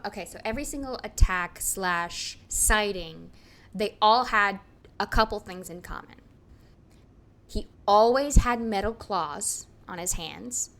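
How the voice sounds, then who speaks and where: Chatty young woman telling a story. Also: mid-range voice. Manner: animated, laughs often, many fillers. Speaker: podcast co-host. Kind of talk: casual storytelling chat.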